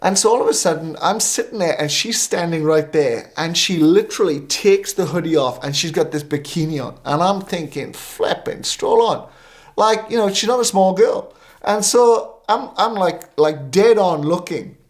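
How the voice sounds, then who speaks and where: A male minister, a guest on a talk show, tells a story with lively energy and acts out the voices of the people in it. His voice sits a little high for a man. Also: normal speed. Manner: animated, acting out quoted dialogue.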